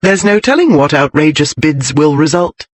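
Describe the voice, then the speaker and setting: A sharp-witted young lady, cool and unruffled, as a male narrator puts her on, lifted a little higher than his own fairly high voice. Her lines come crisp, arch and precise, as in a storybook romance. The sound is dry and close. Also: sing-song, moderate pace, no echo.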